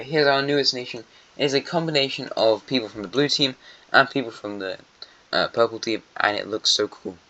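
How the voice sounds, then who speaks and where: A man's voice: medium pitch, a bit bright. Rambling guy on a lo-fi mic. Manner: meandering, musing aloud, self-correcting asides. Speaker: alternate-history map narrator. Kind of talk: casual rambling commentary. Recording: dull lo-fi mic.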